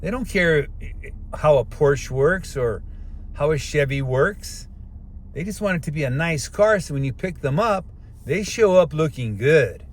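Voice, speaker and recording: A middle-aged man hosting a casual self-help talk, speaking straight to viewers and sometimes stretching words out slowly to show clear diction. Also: fairly high pitch, lively intonation. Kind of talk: casual advice monologue. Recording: street noise behind voice.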